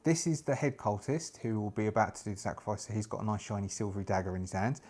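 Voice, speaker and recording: A man's voice: lowish voice, animated, fast, darkish tone. A man, narrating a solo tabletop game and thinking aloud as he works through his dice rolls.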